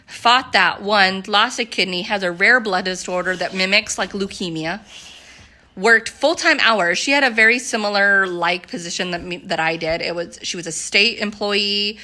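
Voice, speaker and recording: A young woman speaks straight to her viewers in a quick, chatty pitch, peppering every thought with "like" and "you guys." Her voice is bright and gushing with enthusiasm. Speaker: network marketing vlogger. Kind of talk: casual direct-to-camera pitch.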